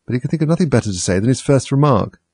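Gravelly, husky man reading a storybook. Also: mid-range voice, expressive, racing, a little mellow, dry recording. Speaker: narrator.

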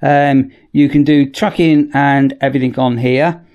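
A man giving a casual, chatty product demonstration in a workshop, often repeating "as I say" and pausing on ums. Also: mid-range voice, steady tone, lo-fi sound. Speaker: product reviewer.

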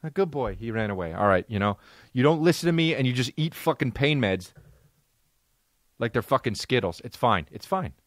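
Profane animated male comedian storyteller. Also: mid-range voice, fairly quick, no room sound, clean studio sound. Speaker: comedian podcast host.

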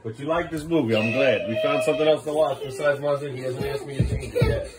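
A man's voice: mid-range voice, quick pace, loud music behind the voice. A man filming his kids at home for a vlog, laughing at them and scolding them in turn. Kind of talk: casual home vlog narration.

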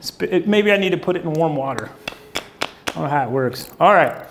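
A man's voice: fairly high pitch, animated, a little fast, background noise. A man preaching a sermon to a congregation, folksy and humorous, using props as object lessons and asking the crowd questions. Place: church stage before a congregation.

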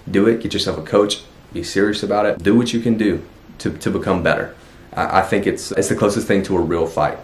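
A young man, earnestly giving encouraging advice to jiu-jitsu beginners in a casual vlog. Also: low voice. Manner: earnest, encouraging, repeats himself for emphasis. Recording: echoey room.

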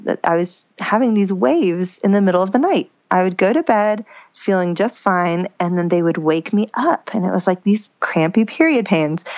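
A woman's voice: medium pitch, gravelly, no room sound, muffled recording. A young woman, casually telling her birth story as a podcast guest, chatty and emotional with many fillers.

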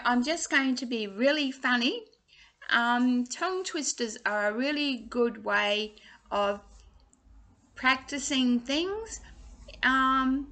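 A woman's voice: sits high, sharp tone. A woman, giving a casual singing lesson in a chatty, playful way. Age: 60s. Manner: chatty and playful, drawing out drills. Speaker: singing teacher.

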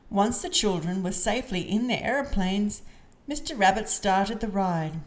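A woman reading a picture book aloud to children, with gentle, expressive narration. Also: medium pitch, normal speed. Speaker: storybook reader.

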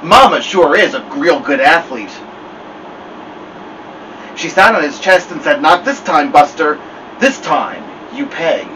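A man reads a story aloud in an expressive voice that climbs and dips a lot. He is set back from the mic. A faint air-conditioner hum runs underneath. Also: fairly high pitch, far from the mic, poor audio. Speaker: storybook reader. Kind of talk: reading a novel aloud.

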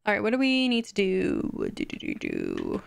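A woman's voice: mid-range voice, normal speed, gravelly, clear, resonant tone, no echo. A young woman live-streaming a video game, chatting and giggling as she reacts to what happens on screen. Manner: excited squeals at wins.

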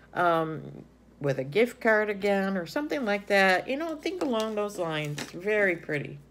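Chatty woman gushing over bargains. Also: fairly low pitch. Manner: chatty, gushing, many ums. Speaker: haul vlogger. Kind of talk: casual show-and-tell chat.

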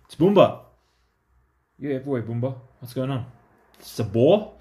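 A man's voice: mid-range voice, expressive, moderate pace, warm tone. A man giving casual, chatty commentary to himself as he opens trading card packs. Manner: talks to himself, easygoing and chatty. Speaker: card-opening vlogger.

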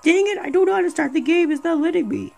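A streamer giving casual let's-play commentary, excitable and rambling, talking back to the game. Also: very high-pitched, quick pace, creaky, soft background music. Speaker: gameplay streamer.

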